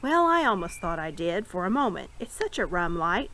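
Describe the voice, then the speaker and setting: A woman's voice: lowish voice, big pitch swings, moderate pace, a bit bright, low-quality recording. A woman reading aloud and voicing an eager young boy in a storybook. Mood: wondering. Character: eager young boy, sulky then excited.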